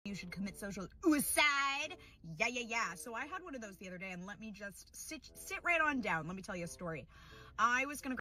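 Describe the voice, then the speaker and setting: A woman's voice: a little high, lively intonation, brisk, pushed and bright. A young woman telling a funny story about herself in a dramatic, self-mocking way. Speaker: storyteller in a played clip. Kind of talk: comedic storytelling.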